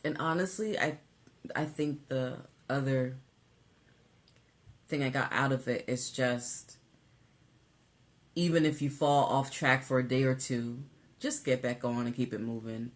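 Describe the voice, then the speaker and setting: A woman co-hosting a casual weight-loss vlog, animated and laughing, tired from a busy week. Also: unhurried, pauses often. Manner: animated, laughing, rising pitch when exasperated. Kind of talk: casual chat.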